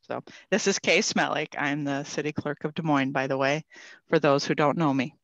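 A woman's voice: low-pitched, fairly even intonation, normal speed, no echo, highs cut off. A woman who works as a city clerk, chatting on a video call in a chatty, self-joking way. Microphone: computer mic on a video call.

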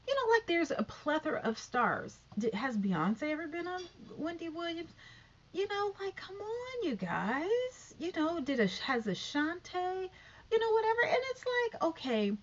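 A woman's voice: very high-pitched, unhurried. A woman rambling through a casual opinion vlog about a talk show, full of fillers and asides. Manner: rambling, animated, many fillers. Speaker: YouTuber commenting on a talk show. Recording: dull lo-fi recording.

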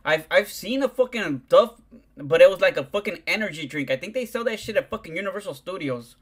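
A man's voice: high voice, expressive, brisk, fairly bright tone. Profane, slangy man. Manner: profane, slangy, rambling, keeps saying "dog". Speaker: livestreamer. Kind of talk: casual livestream chat.

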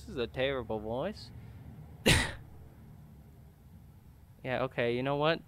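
A man's voice: medium pitch, animated, measured pace, vocal fry, pauses often, fairly bright tone, slight background noise. Goofy young man playing a horror game. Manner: goofy, jokey, talks back to the game. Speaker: gaming YouTuber. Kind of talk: horror game let's play commentary.

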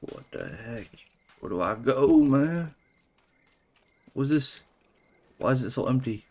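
A man's voice: mid-range voice, expressive, slow, a little mellow. A man giving jumpy, exclaiming gameplay commentary as a gaming YouTuber, calling out "bro" and "dude" as he plays.

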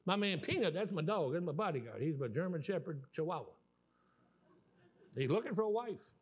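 Fairly high and husky, this sixty-something man's voice moves fairly quickly as he delivers a sermon as a guest preacher. He has a Southern US accent and tells folksy, animated stories, rambling and restarting as he goes.

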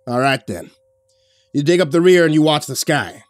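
A man voicing a gruff, short-tempered old backwoods man who snarls and curses, in a spoken horror story. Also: fairly high pitch, animated, moderate pace, no echo, clean studio sound, soft background music, pitched above the performer's own voice, natural voice.

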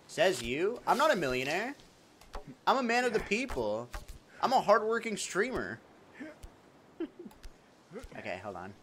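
A man streaming a game live, chatting playfully with his viewers, swearing freely and breaking into sudden excited outbursts. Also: high-pitched, unhurried, pauses often, a little hiss or hum. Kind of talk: casual game livestream chat.

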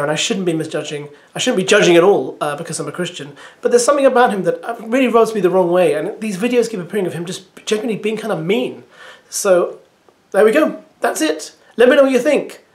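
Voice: mid-range voice, lively intonation, brisk. A reaction video host giving chatty, hesitant commentary to camera, musing aloud.

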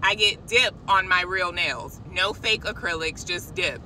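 A woman telling a casual, animated faith testimony, chatting directly to her viewers. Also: lowish voice, measured pace, slight background noise, poor audio. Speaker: christian vlogger.

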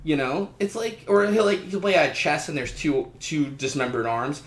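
A man co-hosting a casual podcast chat, animated and profane, breaking into loud mocking impressions. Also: on the high side, moderate pace, reverberant. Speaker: podcast co-host.

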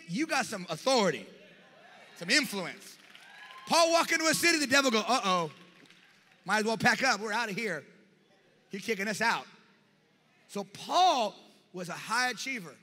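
Preacher guy with a real high bright voice, shouting lines, big echoey church hall. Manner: animated preaching, shouts and acts out Bible scenes. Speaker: pastor. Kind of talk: sermon.

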